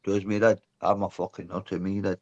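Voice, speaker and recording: A man's voice: deep voice, flat delivery, brisk, a little mellow, dry recording, lo-fi sound. A man with a put-on Scottish accent in a heated voice chat argument, brash and rambling and swearing constantly. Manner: brash, swearing, rambling, says mate and lad. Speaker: guest in a voice chat.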